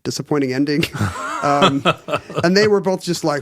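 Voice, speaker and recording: A man's voice: fairly high pitch, lively intonation, moderate pace. A middle-aged man co-hosting a casual podcast, explaining history with wry jokes. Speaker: podcast co-host. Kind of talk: casual chat.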